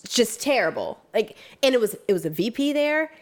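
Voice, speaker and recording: A young woman telling a work story in casual chat, emphatic and animated, acting out what she and others said. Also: fairly high pitch, moderate pace.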